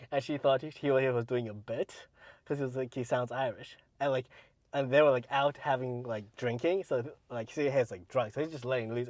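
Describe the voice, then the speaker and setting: A man's voice: mid-range voice, dry recording. Rambling male podcast co-host. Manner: rambling, many "like"s, trailing off quietly. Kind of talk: casual podcast chat.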